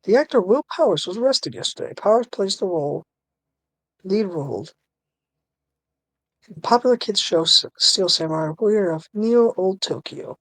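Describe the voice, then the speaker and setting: A woman's voice: mid-range voice, animated, moderate pace, long pauses, poor audio. A woman putting on a formal TV news anchor voice, reading game dialogue aloud on a stream.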